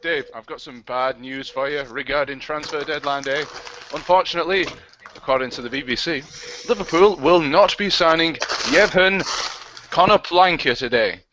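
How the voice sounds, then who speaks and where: A man's voice: on the high side, moderate pace. A man chatting casually as a podcast co-host, reading out news with a teasing edge. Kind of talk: casual chat. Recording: lo-fi audio with chatter behind.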